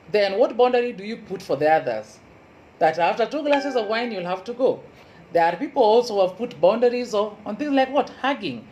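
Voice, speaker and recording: A woman's voice: fairly low pitch, a little mellow, slight background noise, poor audio. Earnest Kenyan woman with a Luo accent. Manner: earnest, advising, repeats key phrases slowly for emphasis. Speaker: university lecturer. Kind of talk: motivational talk.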